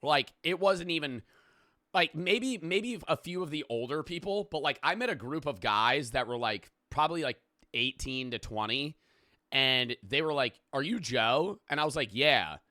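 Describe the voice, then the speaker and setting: A young man from the United States, a streamer, reacting to videos in casual commentary, excitable and swearing a lot, on a close mic. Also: fairly high pitch, no echo. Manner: excitable, heavy swearing, quick restarts.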